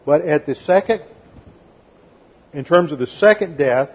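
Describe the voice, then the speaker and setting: The voice sits on the high side, breathy and unhurried yet lively in intonation, and the recording is muffled. A pastor works methodically through scripture in an expository sermon, reading it aloud, explaining Greek grammar and occasionally mocking a quote with sarcastic voicing.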